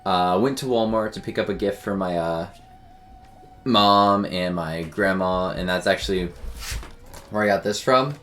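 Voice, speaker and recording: With faint music playing behind him, a young game streamer spins a rambling, self-deprecating story full of fillers. He speaks at a measured pace in a low, fairly bright voice.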